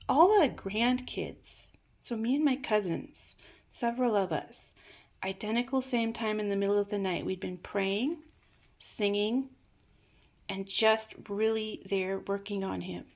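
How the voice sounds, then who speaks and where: An older woman telling a family memory at an unhurried pace, her voice middle-pitched and soft. She talks reflectively, now and then dropping into quiet, hushed asides. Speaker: storyteller. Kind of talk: personal storytelling.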